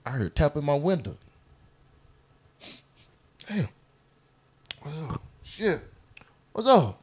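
Man from little rock, podcast host, high voice, very lively pitch, animated storyteller, swears freely. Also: takes it slowly, pauses often, breathy edge. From Little Rock, Arkansas. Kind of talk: casual podcast chat, storytelling.

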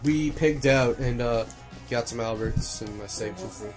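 A man's voice: mid-range voice, normal speed, soft background music. A young man co-hosting a casual game let's-play, talking over the gameplay, swearing and steering the player. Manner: excitable, swears, directs the player. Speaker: let's-play co-host and editor. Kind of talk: casual gaming chat. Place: home room with TV game audio.

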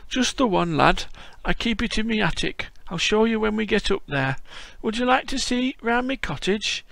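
A man putting on the voice of a very old, frail, friendly man with a Yorkshire accent, speaking in slow homely dialect. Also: high-pitched, lively intonation, creaky, a bit bright, no room sound, pitched above the performer's own voice, full character voice.

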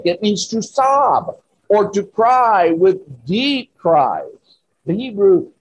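A man preaching a sermon in church, slow and emphatic with rising exclamations. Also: high-pitched, a little mellow, highs cut off, a little hiss or hum. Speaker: pastor.

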